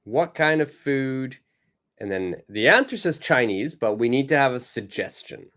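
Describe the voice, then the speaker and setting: A man's voice: mid-range voice, lively intonation, unhurried, fairly bright tone. A man teaching a live online English lesson with a North American accent, patiently repeating phrases and encouraging his students.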